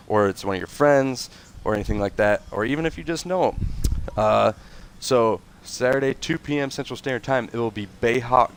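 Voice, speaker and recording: A man's voice: mid-range voice, a little hiss or hum. Nasal, congested man hosting a livestream. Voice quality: slightly nasal. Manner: rambling, chatty, frequent fillers and self-corrections. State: congested from a cold. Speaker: league host and event coordinator. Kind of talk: casual livestream announcements.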